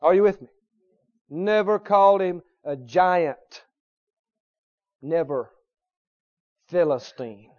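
Animated male preacher, dull recording. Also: sits high, slow pace, long pauses. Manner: emphatic, rhetorical questions. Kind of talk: sermon.

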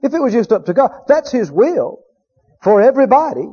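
High-voiced preacher with a husky tone. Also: male voice, sing-song, warm tone. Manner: emphatic, repeats key phrases, drawn-out quotes of scripture. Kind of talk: sermon. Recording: dull lo-fi recording.

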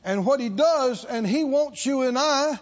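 A high, light-voiced man preaching in an unhurried, deliberate way. He pulls the congregation into call-and-response and leans hard on repeated words. The recording sounds muffled and lo-fi. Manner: emphatic call-and-response, drawn-out repeated phrases. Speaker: pastor. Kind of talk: sermon. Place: church service with congregation.

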